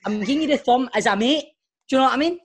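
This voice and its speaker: A man with a Scottish accent, a co-host who tells animated, teasing stories about his friends. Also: very high-pitched, rapid-fire, slightly rough. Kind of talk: casual banter.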